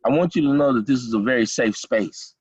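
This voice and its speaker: A man's voice: mid-range voice, brisk, a little mellow, breathy edge, dry recording. A middle-aged man leading an online class, encouraging and repeating himself with many fillers over a video call. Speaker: college program instructor. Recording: dull lo-fi video call audio.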